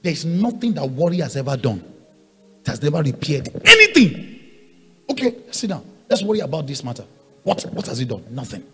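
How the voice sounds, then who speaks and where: A male pastor delivers a sermon in a fairly high voice that swoops and leaps. He drops to quiet asides, then rises to shouted, repeated rhetorical questions. Soft music plays faintly behind him. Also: very animated, brisk, slightly rough. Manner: emphatic preaching, swinging from quiet asides to loud shouts.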